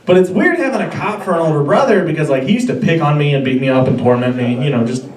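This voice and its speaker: A man's voice: on the high side, fast talker, a little mellow. A young man in his twenties doing a stand-up comedy set on a club stage, rambling and self-deprecating with stammering restarts. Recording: roomy club audio from far off with crowd. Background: audience laughter.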